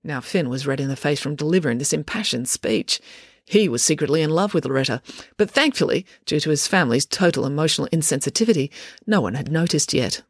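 Woman storyteller, lowish voice with lively ups and downs, dry close-miked read. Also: normal speed, no room sound. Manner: expressive, playful narration. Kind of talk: reading a children's story aloud.

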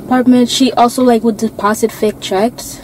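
A woman's voice: a little high, steady tone, normal speed, background noise. A young woman co-hosting a casual podcast chat, chatty and giggly, with plenty of likes and ums. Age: young adult. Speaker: podcast co-host.

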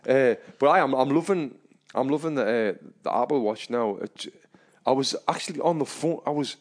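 A man's voice: mid-range voice, lively intonation, brisk. A young man co-hosting a casual podcast, telling stories in a laid-back, sweary way with frequent restarts. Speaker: podcast co-host.

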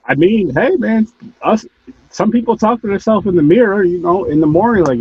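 Rambling husky-voiced male podcast host. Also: sits high, brisk, no echo, dull audio. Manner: rambling, animated, swears casually. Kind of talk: casual podcast chat.

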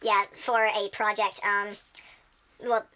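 A woman's voice: medium pitch, little pitch movement, slow, bright, forceful tone. A young woman chatting casually as a channel host, enthusiastic and rambling with many fillers. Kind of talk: casual chat.

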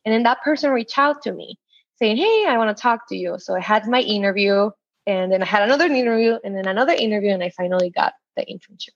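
A woman's voice: medium pitch, quick pace, dry recording, muffled recording. A woman in her twenties from El Paso, a guest telling a long story and acting out the voices of the people in it, laughing often. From El Paso, Texas. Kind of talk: storytelling interview.

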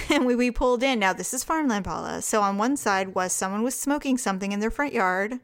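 A woman co-hosting a casual talk show, telling a story with lively quoted dialogue and frequent laughter. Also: fairly high pitch, fairly quick. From California. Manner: animated, laughs often, acts out quotes. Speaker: podcast co-host.

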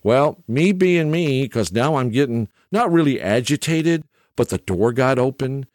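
A middle-aged man tells a rambling, folksy anecdote in a casual monologue, his pitch rising and falling with lively swings. He keeps checking in with "okay?" as he goes. The sound is close and dry, with no room echo. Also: a little slow. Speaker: storyteller.

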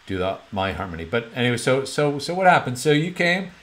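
A man's voice: mid-range voice, sing-song, brisk, a bit bright. A middle-aged man hosting a podcast, casually prompting his guest to tell a story, often repeating his words. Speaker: podcast host. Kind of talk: casual interview chat.

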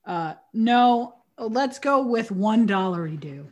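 A woman's voice: on the high side, animated, slow, darkish tone. Sarcastic, playful woman podcaster. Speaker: podcast co-host. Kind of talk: casual movie review chat.

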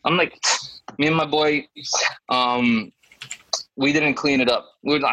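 A man in his thirties, co-host of a podcast, telling a story in a casual, animated way and jumping into high voices when he quotes people. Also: unhurried, dry recording, lo-fi sound.

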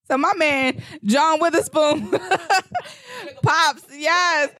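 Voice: sits high, very slow, pauses often, pushed and bright, no echo, clean studio sound. A podcast co-host in casual chat, retelling a movie scene by scene, acting out the lines and laughing often.

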